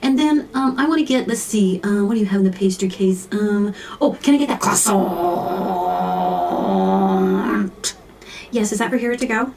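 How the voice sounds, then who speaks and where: A woman's voice: medium pitch, fairly quick, a little mellow, recorded from a distance, natural voice. A woman acting out indecisive coffee-shop customers and a barista in a comedy sketch, ordering with lots of hesitant fillers. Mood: fussy.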